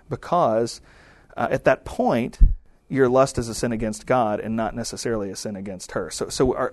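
A man's voice: medium pitch, a little mellow, no echo. A married man preaching a sermon in a conversational style, often acting out quoted prayers and remarks. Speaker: pastor.

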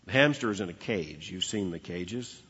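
A man's voice: sits low, lively intonation, moderate pace, a bit bright, slightly rough. A man preaching a sermon, telling a childhood story with emphatic repetition. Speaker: pastor. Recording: dull lo-fi with long hall reverb.

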